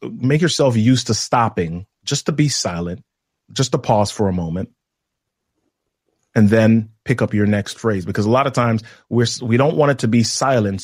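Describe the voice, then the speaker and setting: A man guesting on a podcast as a communication trainer, explaining things in a measured way with deliberate pauses. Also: on the low side, darkish tone, husky, no echo, studio quality. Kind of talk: instructive podcast conversation.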